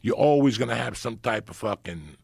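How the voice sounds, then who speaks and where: A middle-aged man hosting a podcast, telling profane, animated stories in casual chat. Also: mid-range voice, brisk, vocal fry, breathy edge, no room sound. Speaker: podcast host. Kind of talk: storytelling chat.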